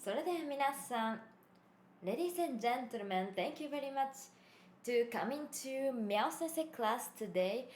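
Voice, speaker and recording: A woman's voice: a little high, expressive, normal speed, a little mellow. A woman whose first language is Japanese, chatting playfully on a live stream, giggling and slipping in Japanese phrases. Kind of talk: casual live-stream chat. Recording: echoey room with faint ambient noise.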